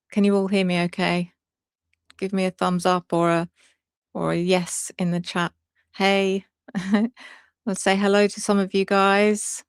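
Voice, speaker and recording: A woman tarot reader hosting a casual live stream, chatty and excitable, laughing often and greeting viewers by name. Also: mid-range voice, clear, resonant tone, no echo, clean studio sound.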